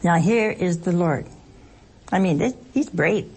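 A woman's voice: lowish voice, unhurried, a little mellow, slightly rough. A woman teaching a conversational scripture lesson, chatty and full of rhetorical questions and asides. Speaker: Bible study teacher.

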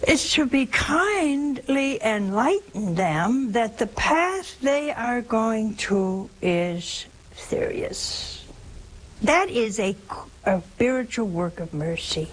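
A woman's voice: fairly high pitch, a little hiss or hum, low-quality recording. A woman giving an informal sermon in a homey, humorous way, asking her listeners rhetorical questions. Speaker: religious speaker.

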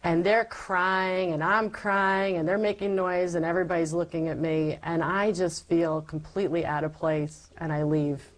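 A woman's voice: on the low side, moderate pace, few pauses, low-quality recording. A woman giving a personal faith testimony as an interview guest, telling her story animatedly and acting out past conversations. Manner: animated storyteller who acts out past dialogue.

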